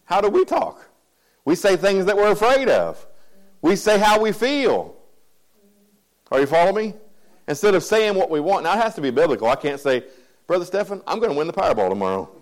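A man's voice: high voice, big pitch swings, normal speed, long pauses, low-quality recording. A male pastor giving a conversational sermon, often repeating phrases and asking the congregation if they follow him. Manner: keeps checking in with the congregation.

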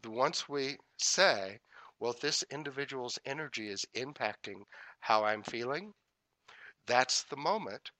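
A man teaching a spiritual talk, repeating affirmations in a measured rhythm, with folksy humorous asides. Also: medium pitch, lively intonation, bright, forceful tone, no echo. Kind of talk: inspirational talk.

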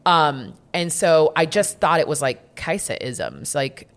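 A woman's voice: big pitch swings, takes it slowly. A young adult woman talking candidly and emphatically in casual conversation, swearing freely and repeating words for stress. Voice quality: low-pitched, frank, swears freely.

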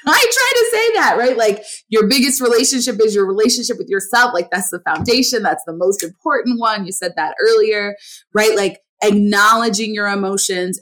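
A woman's voice: medium pitch, fairly bright tone. Earnest woman podcast host. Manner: earnest, emphatic, often adds "like" and "right?". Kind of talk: casual conversational interview.

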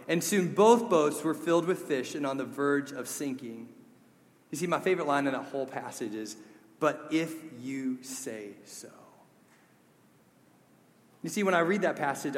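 Pastor, male, earnest storytelling sermon, a touch high, long church reverb. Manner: earnest, conversational preaching with storytelling.

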